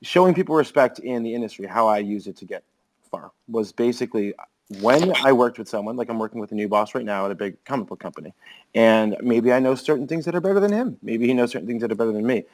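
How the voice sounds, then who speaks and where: Brief: rapid-fire male podcaster, rambling storyteller, heavy on filler words. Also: medium pitch, animated, rough recording. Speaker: podcast co-host. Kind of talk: casual podcast chat.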